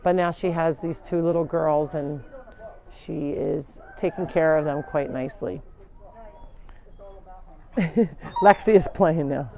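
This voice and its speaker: A woman's voice: low voice, slow, creaky, pauses often, noisy background. A woman hosting a casual live tour of an animal sanctuary, chatting and breaking off to call animals over. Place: outdoors at a farm.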